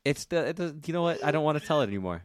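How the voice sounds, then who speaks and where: A man's voice: a little high, expressive, rapid-fire, clear, resonant tone, no echo. A young man co-hosting a podcast, chatting casually in a bantering, reluctant way and swearing freely. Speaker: podcast co-host. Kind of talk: casual chat.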